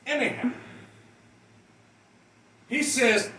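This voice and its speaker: A man telling a profane comedic rant in an animated way, often laughing through his story. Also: sits high, unhurried, reverberant, recorded from a distance, poor audio.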